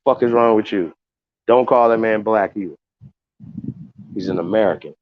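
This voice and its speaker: A man hosts a livestream, speaking casually to viewers in a low voice. He rambles and swears heavily, restarting often as he gets heated. The sound is dry and dull, with a lo-fi quality. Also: normal speed, dry recording. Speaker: livestream host.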